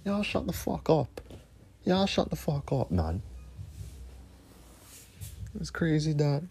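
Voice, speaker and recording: A man's voice: fairly high pitch, very animated, slow, creaky, darkish tone, a little hiss or hum. A man hosting a podcast, ranting solo in an angry, profane way and repeating phrases for emphasis. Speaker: podcast host. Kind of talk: heated solo rant.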